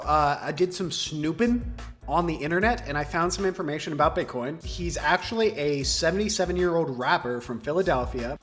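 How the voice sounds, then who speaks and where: A man's voice: a little high, a bit bright. A man in his twenties giving casual, joking reaction commentary, laughing often. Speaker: video commentator.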